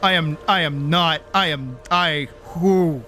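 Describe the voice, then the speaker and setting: A man's voice: on the high side, takes it slowly, pushed and bright, slight background noise. A young man streaming a video game, ranting in exasperation, swearing, and breaking into screams and laughter. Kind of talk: live gameplay commentary.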